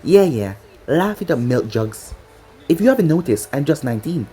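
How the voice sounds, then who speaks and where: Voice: medium pitch, big pitch swings, normal speed, dark tone, slightly rough. A narrator voicing a bratty, sarcastic nineteen-year-old girl who whines and complains, over faint music. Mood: whiny. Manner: whiny, sarcastic.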